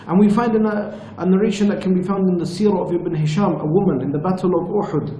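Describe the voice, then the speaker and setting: A man with a mellow, fairly high voice teaches at a retreat and tells his stories in an earnest, measured way. The room is echoey, and a faint ambience sits behind him. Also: a little hiss or hum. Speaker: religious teacher. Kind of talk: storytelling lecture.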